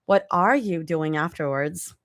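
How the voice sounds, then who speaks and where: Brief: soft, sweet young woman, as a woman reader puts her on, low-key. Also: unhurried, no room sound, studio quality. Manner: sweet, a bit shy.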